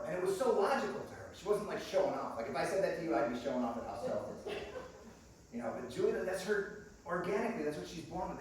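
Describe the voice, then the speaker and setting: A man giving a sermon in a small church, telling stories and acting out the voices, swinging from quiet to loud. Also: mid-range voice, a little hiss or hum. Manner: storytelling, acts out dialogue, swings from quiet to loud. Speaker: guest preacher. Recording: echoey church room, mic at a distance.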